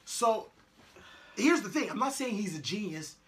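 A man with a high voice talks with lots of swing in his pitch. He laughs as he makes his points in an easy podcast chat. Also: a little slow. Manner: expressive, laughs while making his point. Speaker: podcast co-host. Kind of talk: casual chat.

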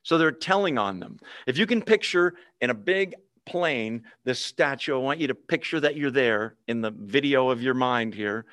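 A man's voice: mid-range voice, expressive, moderate pace, few pauses, a bit bright, dry recording. Man teaching a Bible passage, dry sound. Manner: conversational, checks in with listeners.

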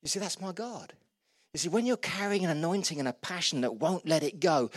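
A man preaching a sermon, retelling Bible stories with humour and animated quoted voices. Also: a little high, fairly quick, no echo. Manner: lively storytelling, voices quotes, laughs at own jokes.

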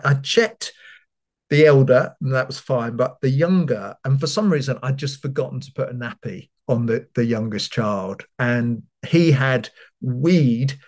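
A man, a pastor and author, tells a lively personal story in an interview and acts out the voices of people in it. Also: medium pitch. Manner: animated storyteller, acting out quoted voices.

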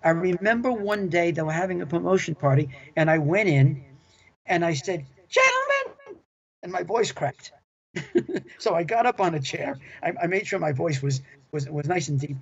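This former club manager, speaking as an interview guest, has a gravelly, higher-than-average voice and talks fairly quickly. He tells enthusiastic, rambling stories from his career, frequently going over the same points, and the lo-fi recording sounds dull.

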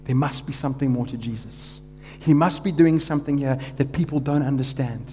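A man delivers a sermon as a dramatic story, swelling with force for the crowd and falling to a near hush for quoted words. His voice is warm and relaxed, at a middling pitch. A faint hum runs beneath the recording. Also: a little fast. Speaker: preacher.

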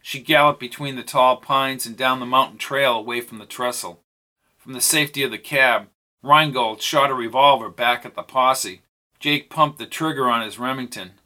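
Bright-voiced male audiobook narrator. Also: medium pitch, moderate pace.

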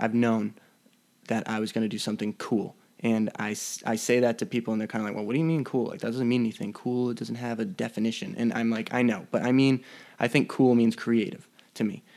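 A young man hosting a podcast alone, rambling in a profane, mock-threatening way. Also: medium pitch. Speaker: podcast host. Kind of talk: casual solo podcast rant. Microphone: podcast mic.

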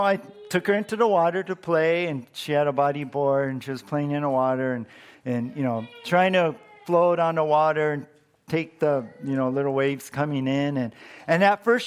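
A man's voice: fairly high pitch, smooth. A middle-aged man preaching a sermon as pastor, earnest and emphatic, repeating his key phrases for weight.

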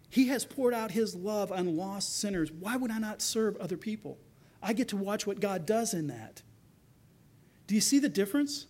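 Male pastor, higher voice, earnest sermon that acts out quoted speech. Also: animated, moderate pace. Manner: earnest, acts out quoted voices, drops soft for tender lines.

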